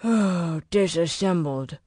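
A man's voice: on the high side, slow, darkish tone, no echo. A woman voicing a tired, fussy man who tinkers with radios, explaining himself in a dry, defensive way. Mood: weary.

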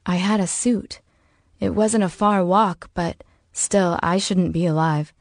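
A woman voicing a resilient female mechanic who speaks gently and reassuringly. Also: fairly low pitch, slow pace, no echo, clean studio sound. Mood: calm. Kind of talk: audiobook character voice.

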